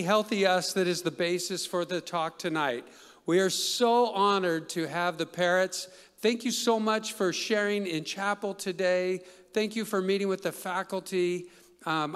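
A man with a high, smooth, resonant voice introduces the evening's guests in a large hall, and his words echo around the room. He keeps the introduction formal but slips in small joking asides. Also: a bit bright. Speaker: event host introducing guests. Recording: hall reverb.

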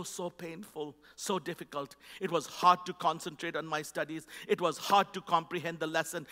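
Bright high-voiced man in an echoey hall. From India. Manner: storytelling, emphatic, rousing the audience. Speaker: charity vice president speaking to a church. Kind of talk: personal testimony in a church talk.

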